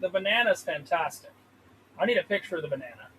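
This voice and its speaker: A man's voice: high voice, expressive, fast, bright, forceful tone, a little hiss or hum, rough recording. A man hosting a casual live trading stream from a trailer, rambling and swearing as he talks to the chart. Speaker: livestream host trading stocks. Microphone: desk mic with pop filter.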